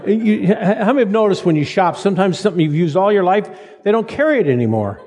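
A man in his seventies preaching a sermon in a folksy, halting way, repeating words as he tells stories. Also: high-pitched, lively intonation, darkish tone. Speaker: pastor. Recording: long reverb of a large hall.

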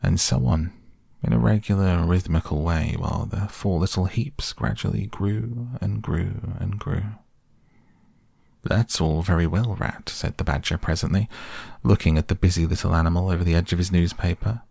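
A man reading a classic animal storybook aloud in a measured way. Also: low voice, vocal fry, a little mellow, breathy edge, no echo, studio quality. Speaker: narrator.

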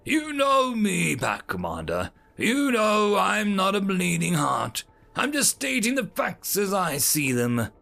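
A man doing a gruff alien soldier. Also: high-pitched, wildly swooping pitch, slow, pushed and bright, soft background music, voice pushed up, heavily acted. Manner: gruff, clipped military talk. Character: blunt male alien soldier, gruff and proud.

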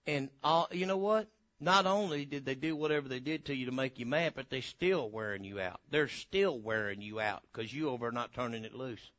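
A man preaching a folksy sermon, swinging between loud bursts and hushed asides. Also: medium pitch, moderate pace, dull audio.

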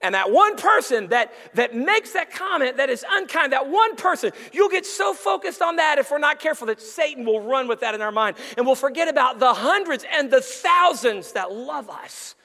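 High, bright-voiced preaching man. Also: moderate pace, hardly any pauses. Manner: animated preaching with sudden shouts and acted quotes. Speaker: senior pastor. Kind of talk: sermon. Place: church sanctuary. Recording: long church hall reverb.

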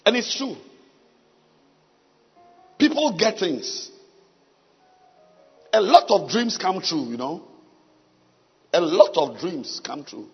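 A man preaching a sermon, with long pauses and sudden shouts. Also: high-pitched, very animated, slightly rough, faint music behind. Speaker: pastor. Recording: dull sound with long hall reverb.

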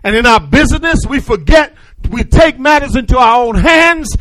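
A man preaching a sermon in call-and-response style, swinging from shouted declarations to hushed, confiding asides. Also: very high-pitched, expressive, moderate pace, dry recording, rough recording.

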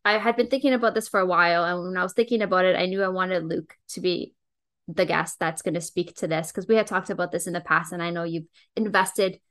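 Hosting her own podcast, a woman introduces and questions her guest in a casual, chatty, enthusiastic way. Her voice sits lowish and steady, fairly bright, and moves at a quick pace.

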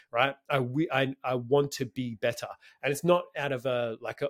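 A man's voice: mid-range voice, moderate pace. A man co-hosting a podcast, chatting casually with lots of fillers and the odd swear word. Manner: relaxed and conversational, with filler words and swearing. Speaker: podcast co-host.

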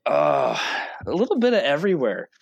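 A man's voice: fairly high pitch, big pitch swings, moderate pace, gravelly, breathy edge, no room sound, muffled recording. Casual male guest, chatty storyteller who acts out quotes, dry close sound. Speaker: automotive product rep and guest. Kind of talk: casual interview talk.

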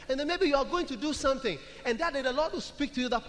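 A male pastor preaching a sermon in church, chanting short scripture phrases over and over and building to loud calls. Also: extremely high pitch, very fast, long reverb tail, a little hiss or hum.

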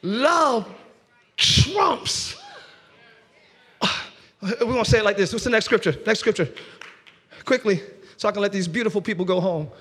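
A man preaching a sermon as pastor to a live church congregation, shouting and half-singing his points and acting out quarrels in quick voices. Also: very high voice. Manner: preaching with shouts and sung rises.

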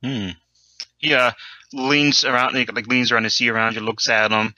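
A man runs a tabletop horror game, pausing often with ums and restarts. His voice is bright and cutting. The recording sounds dry and a little muffled. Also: medium pitch, steady tone, dry recording. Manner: hesitant, filler-heavy narration. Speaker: game master. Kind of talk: narrating a tabletop game and voicing NPCs.

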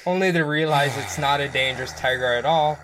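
A man's voice: a little high, moderate pace, background noise. Laughing, chatty male podcast host. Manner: laughing, reads out news stories. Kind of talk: casual podcast chat.

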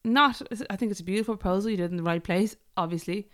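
A woman co-hosting a relaxed chat podcast, her voice sitting at an ordinary middle pitch. She keeps jumping in with eager follow-up questions. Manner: curious, firing quick follow-up questions. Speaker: podcast co-host. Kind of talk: casual chat.

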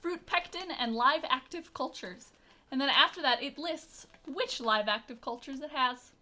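A woman's voice: sits high, moderate pace, sharp tone. A young woman co-hosting a podcast in casual chat, talking in a playful, teasing way and filling her talk with "like". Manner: chatty, full of "like" fillers, playful teasing. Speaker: podcast co-host.

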